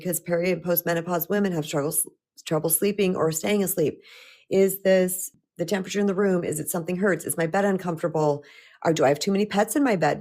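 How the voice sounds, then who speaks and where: A middle-aged woman coach talking casually on a live stream, chatty and animated, often restarting her sentences. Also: fairly low pitch. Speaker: spiritual empowerment coach.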